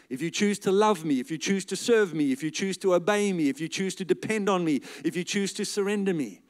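A male pastor preaching a sermon to a congregation. He builds emphatic, rhythmic lists and drops softly on key words. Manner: drops to a soft, low voice to stress key words. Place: church service with a live congregation.

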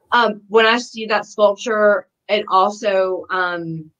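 Host: woman, mid pitch, chatty and laughing, lo-fi video-call sound. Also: steady tone, slow pace. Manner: warm, laughs often, chatty. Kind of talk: casual chat. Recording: slightly dull audio.

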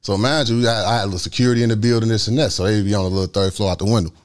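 A middle-aged man with a Chicago accent, telling a street story in casual talk, animated and full of slang, acting out other people's voices. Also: fairly low pitch, rapid-fire. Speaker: guest storyteller.

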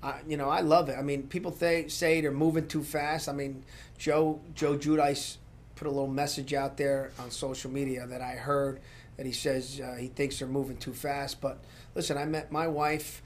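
A man's voice: medium pitch, flat delivery, moderate pace, slight background noise. A man giving his opinion on an after-show, emphatic and repeating words. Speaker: reality show cast member. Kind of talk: casual after-show commentary.

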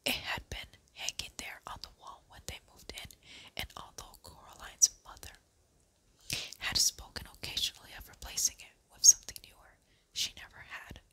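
An ASMR host reading a children's book aloud in a slow, gentle whisper.

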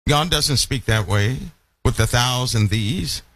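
A man preaching a Bible-study sermon who keeps asking his listeners questions and slows down to stress key lines. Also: medium pitch, fairly bright tone. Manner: emphatic, asks the audience questions often.

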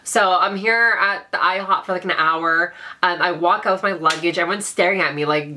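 Bright-voiced chatty young woman vlogger. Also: medium pitch, normal speed. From Vancouver, Canada. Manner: chatty, dramatic, heavy use of "like". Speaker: beauty vlogger. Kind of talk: casual storytime vlog.

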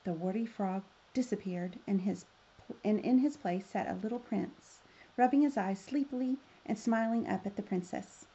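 A woman reads a children's fairy tale aloud, gentle and expressive. Her voice is mellow and a little husky. The recording has a dull, lo-fi sound. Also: mid-range voice, normal speed. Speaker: storyteller. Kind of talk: children's story read-aloud.

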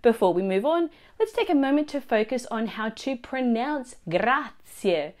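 A woman teaching a language lesson, explaining phrases and their pronunciation clearly and slowly. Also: on the high side, sing-song, darkish tone. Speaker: Italian teacher.

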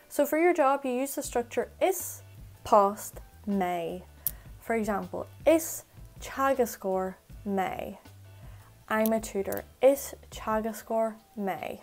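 Chatty woman tutor, gravelly voice. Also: on the high side, soft background music. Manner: quick, chatty explanations with slow, repeated example phrases. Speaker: Irish language tutor. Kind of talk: casual spoken language lesson.

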